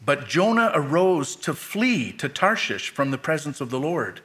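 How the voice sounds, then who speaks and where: A man's voice: on the high side, sing-song, unhurried, fairly bright tone. A middle-aged man preaching a sermon, reading scripture aloud with dramatic lifts for quoted lines and adding plain asides.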